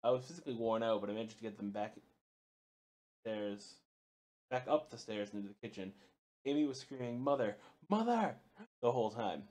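A man with a fairly low voice plays through a horror game, reading notes aloud in a halting way that trips over words and starts again. He breaks off to swear or yelp when something startles him. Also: mellow. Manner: reads in a halting way, stumbling and restarting words. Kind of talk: let's play commentary.

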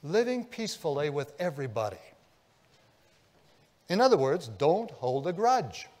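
Man pastor giving a sermon, kinda high voice, goes soft then really fired up, big echoey church sound. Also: very animated, unhurried. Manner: storytelling, swinging between hushed and impassioned. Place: church sanctuary. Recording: long church reverb.

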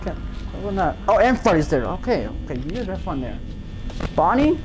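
A woman's voice: lowish voice, very animated, a little fast, music in the background, poor audio. A woman giving let's-play commentary on a horror game, panicky, swearing and talking to herself with sudden yelps. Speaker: gamer.

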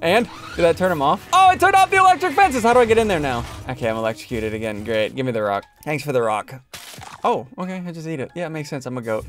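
A young man giving excited commentary over a video game, often yelping and shouting at what happens on screen. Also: a little high, fast. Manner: animated, yelps and shouts at game events. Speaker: gaming YouTuber. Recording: light background music.

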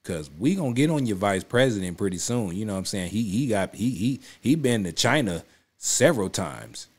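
A man hosting a reaction video talks in a loose, emphatic way, repeating his points and checking in with his audience. His voice sits a little low. He speaks casually, straight to his viewers. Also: very animated, normal speed, slightly rough. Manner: emphatic, repeats himself, keeps saying "you know what I'm saying". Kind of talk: casual spoken commentary.

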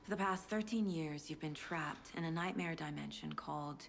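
An actress playing a methodical federal agent, recapping facts in a measured, matter-of-fact way. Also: female voice, deep voice, gravelly, background noise. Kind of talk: game dialogue.

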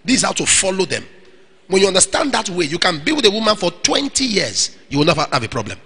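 Preacher, male, high and expressive voice, animated sermon to singles, long hall reverb. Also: fast talker, husky. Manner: animated preaching, acts out little scenes. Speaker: pastor. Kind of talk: sermon to young single men.

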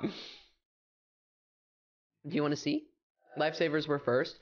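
A man's voice: mid-range voice, moderate pace, pauses often, lo-fi sound. A young American man chatting casually and playfully on a livestream, rambling with filler words. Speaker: streamer.

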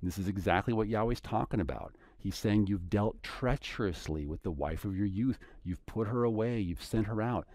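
A man's voice: lowish voice, moderate pace, few pauses, darkish tone, no echo. A man teaching scripture in an earnest, conversational way, paraphrasing passages in everyday words. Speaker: Bible teacher.

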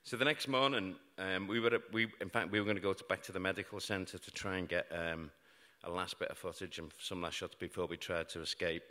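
Before an audience in a large hall, a middle-aged man from Britain with a British English accent recounts a true story about grim events, treating them with wry humour at his own expense. His voice is deep, bright and forceful, with fairly even intonation, a brisk pace and few pauses. Long reverb from the live hall fills the recording.

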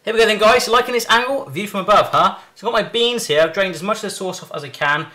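A man's voice: high voice, expressive, fast talker, bright, forceful tone. An English man hosting a casual cooking vlog from a home kitchen, chatty, jokey and upbeat. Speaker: cooking show host.

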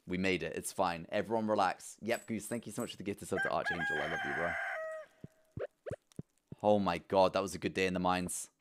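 A young man streaming a farming game live, chatting playfully to his viewers, swinging between low mutters and excited, cooing bursts. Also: fairly quick, noisy background. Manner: playful, talks to chat, coos at his pet.

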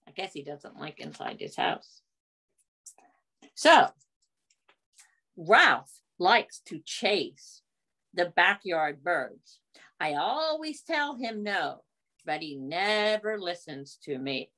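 Lady doing storytime for little kids, slow and bouncy, coaxing questions. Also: on the low side, sing-song, sharp tone. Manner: sing-song, coaxing, asks children questions. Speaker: children's storytime reader. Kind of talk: reading a picture book aloud to children.

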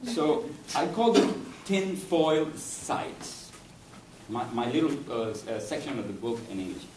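Mid-range, sing-song and darkish, the voice is that of a male Cuban poet lecturing in English at a university, Spanish being his first language. He halts, strays into digressions and looks for words; the room echoes and a faint hiss comes through the distant mic.

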